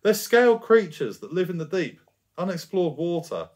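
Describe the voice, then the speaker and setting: A man's voice: high-pitched, very animated, normal speed, pitched above the performer's own voice. A man doing a knowing, ominous mover. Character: knowing adult furniture mover telling legends.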